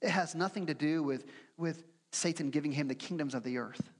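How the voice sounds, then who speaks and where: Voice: mid-range voice, brisk, husky. Preacher in a reverberant church. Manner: earnest teaching with acted-out quotes and rhetorical questions. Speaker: pastor. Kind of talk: sermon. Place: church sanctuary. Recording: long hall reverb.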